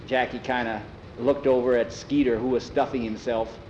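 A man telling a story aloud in a plain, unhurried way, acting out the dialogue. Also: medium pitch, level tone, a little mellow, lo-fi sound, a little hiss or hum. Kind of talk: casual oral storytelling.

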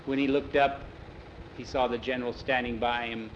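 A man's voice: mid-range voice, flat delivery. Man telling a story, muffled hum. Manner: plain, unhurried telling with many "he says" tags and small restarts. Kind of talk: oral storytelling, told from memory.

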